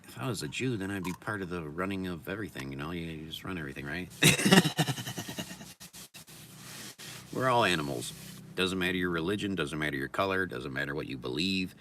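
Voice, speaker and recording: A low-voiced man with a sharp, forceful edge to his tone rambles through a blunt, profane livestream monologue, repeating his points like mantras. He sounds set back from the mic, with a faint hiss of noise behind him. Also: lively intonation, quick pace, recorded from a distance. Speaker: livestream host.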